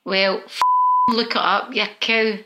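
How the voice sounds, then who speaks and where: A man's voice: high-pitched, fairly even intonation, loud music behind the voice. A man playing a frustrated Scottish man arguing with a voice assistant, in an archive clip. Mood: furious. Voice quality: exasperated, sweary, drawn-out pleading. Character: frustrated Scottish man shouting at a smart speaker.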